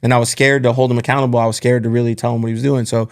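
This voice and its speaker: A man's voice: medium pitch, little pitch movement, racing. A man hosting a podcast, telling earnest, candid stories from his working life in casual conversation. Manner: candid, earnest storytelling about work. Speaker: podcast host.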